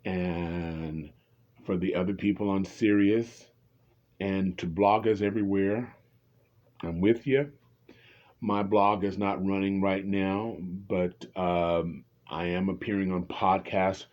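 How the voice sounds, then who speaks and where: A man's voice: sits low, fairly even intonation, takes it slowly, dull audio. A man commenting on reality TV in a casual, rambling, opinionated way, often restarting his sentences.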